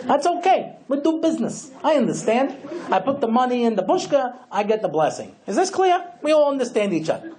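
A man giving a humorous religious lecture as a rabbi, telling jokes and swinging between hushed, slow lines and excited bursts. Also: extremely high pitch, slight background noise.

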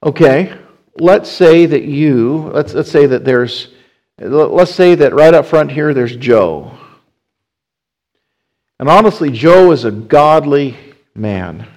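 A man's voice: a little high, lively intonation, slow, pauses often, darkish tone, low-quality recording. Man preaching a conversational sermon. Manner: conversational preaching with frequent restarts. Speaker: pastor. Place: church.

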